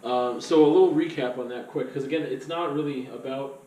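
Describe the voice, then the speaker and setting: A man's voice: mid-range voice, fairly quick, warm tone, roomy sound, distant mic, slight background noise, low-quality recording. A man vlogging in a rambling, casual monologue full of fillers and loose asides.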